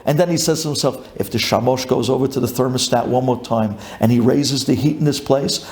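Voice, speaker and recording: A man, a rabbi, giving a lively sermon, acting out a grumbling congregant and building up to shouted lines. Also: medium pitch, normal speed, few pauses, echoey room.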